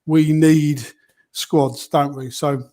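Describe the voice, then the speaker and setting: A man's voice: a little high, fairly even intonation, slow pace, mellow. A man co-hosting a football podcast, rambling through predictions with jokes. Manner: rambling, jokey. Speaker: podcast co-host. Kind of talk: casual football chat.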